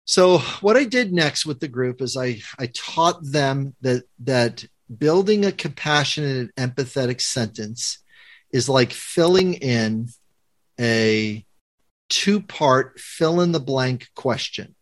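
A man's voice: medium pitch, slow. A man working as a conflict coach, explaining a communication method to a guest and acting out quoted lines as he goes. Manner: animated teacher, acts out quoted lines.

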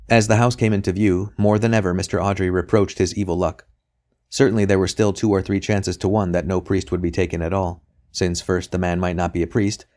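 Deep-voiced male audiobook narrator. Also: a little mellow. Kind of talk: scripted narration.

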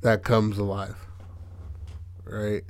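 A man's voice: lowish voice, level tone, drawn-out words. A man hosting a podcast in casual chat, laid-back and profane, often checking in with "right?". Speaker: podcast host.

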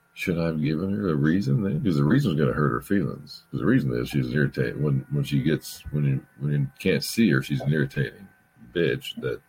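A man's voice: a bass voice, a little mellow, breathy edge. A man chatting casually on a podcast, rambling through a story, repeating himself and swearing. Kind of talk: casual chat.

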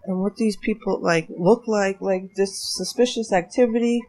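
A woman, a former bartender, telling a story in casual chat, animated and laughing as she goes. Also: medium pitch, moderate pace.

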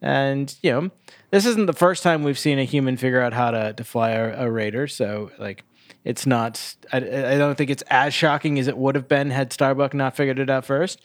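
A man's voice: mid-range voice, steady tone, moderate pace, no echo, studio quality. A man co-hosting a podcast, casually recapping a TV episode with lots of fillers and restarts. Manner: rambling, many uh fillers and restarts. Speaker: podcast co-host.

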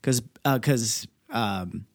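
A man co-hosting a podcast in casual movie review chat, easygoing and quick to agree. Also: mid-range voice, no room sound, clean studio sound. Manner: easygoing, frequent agreeing "yeah". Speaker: podcast co-host.

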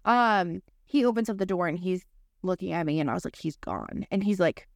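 A woman's voice: fairly low pitch, brisk, dry recording, studio quality. A woman in her thirties co-hosting a podcast, telling a personal story in a candid, profane, conversational way. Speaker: podcast co-host. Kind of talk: casual conversation.

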